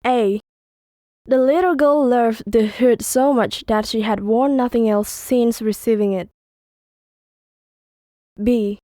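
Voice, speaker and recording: Slow woman reading textbook sentences. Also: on the high side, fairly even intonation, warm tone, no room sound. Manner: slow, careful exercise reading. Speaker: textbook audio narrator. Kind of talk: scripted reading of lettered sentences.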